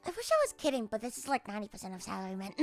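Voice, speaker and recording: A woman's voice: a little high, very animated, racing, darkish tone, faint music behind. A woman streamer in casual sarcastic chat, rambling and laughing often, on a close mic.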